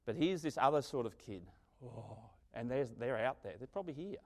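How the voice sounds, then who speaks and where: A man at a middle pitch preaching a sermon, with a lively voice that rises high and loud in his stories and drops low and soft in reflection. He talks like a storyteller and makes big shifts in loudness. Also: brisk. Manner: animated storytelling, dramatic swings in loudness.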